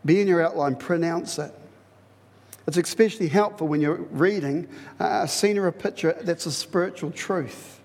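A man preaching a sermon in a lively, conversational way, repeating phrases for emphasis. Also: fairly high pitch, moderate pace, long reverb tail. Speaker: pastor.

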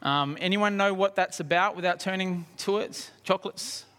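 A man preaching a sermon, animated, acting out scenes and asking the congregation questions. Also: sits high, normal speed, clean tone. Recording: reverberant hall.

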